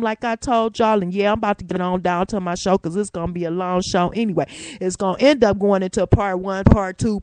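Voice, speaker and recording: A woman hosting her own talk show from her room, preaching and testifying in an animated way with African American Vernacular English. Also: mid-range voice, no room sound. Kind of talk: casual religious talk show monologue.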